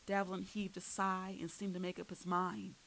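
A woman narrating a first-person story aloud, dramatic and building to loud outbursts at tense moments. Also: on the low side, monotone, normal speed, gravelly, rough recording. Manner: dramatic, rises sharply for shouted lines. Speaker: audiobook narrator. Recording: faint hiss.

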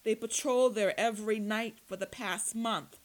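A woman's voice: mid-range voice, a little slow, pitched above the performer's own voice, natural voice. A woman voicing a captured male vampire who screams, snarls and wheezes under torture. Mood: pained. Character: captured male vampire, defiant then terrified.

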